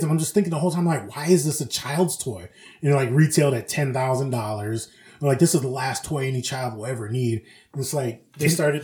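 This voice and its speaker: A man's voice: mid-range voice, darkish tone. A man co-hosting a podcast who tells stories casually, swears freely and acts out the characters he quotes. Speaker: podcast co-host. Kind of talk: casual chat. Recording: echoey room.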